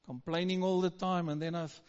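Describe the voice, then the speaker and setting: This middle-aged male pastor speaks a little fast in a high, darkish voice with a level tone. Preaching in a church hall, he leans on emphatic call-and-response to get the congregation answering, and the dull recording carries long hall reverb.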